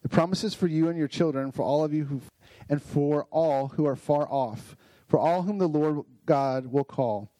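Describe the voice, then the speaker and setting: An enthusiastic man gives a casual Bible lesson in a slightly high voice, tossing in "right?" as he goes. The sound is dry and close, with no room echo at all. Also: moderate pace, warm tone. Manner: enthusiastic, frequent "right?" tag questions.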